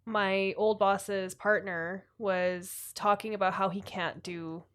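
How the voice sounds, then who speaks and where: A woman's voice: mid-range voice, fairly even intonation, slow pace, fairly bright tone, clear, resonant tone. A woman in casual podcast chat, telling a story in a loose conversational way, full of "like". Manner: conversational storytelling, heavy on fillers like "like".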